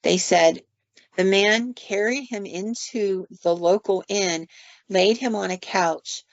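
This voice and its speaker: A woman co-hosting a podcast spins ghost stories in a loose, chatty way, speaking slowly in a mid-range voice. Her retelling is casual, full of fillers and quoted asides, and the recording sounds dry, dull, muffled, and lo-fi.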